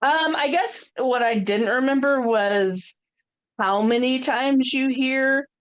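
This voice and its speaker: A woman's voice: high-pitched, slow pace, clear, resonant tone. A woman in her thirties, a podcast co-host, chatting casually and rambling with many fillers and restarts. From United States. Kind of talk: casual chat.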